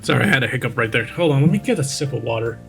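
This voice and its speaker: A man's voice: mid-range voice, very fast, gravelly, soft background music. A man reading a creepypasta aloud and breaking off to mock it with sarcastic commentary, close to the mic. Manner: sarcastic, interrupts the story to make fun of it.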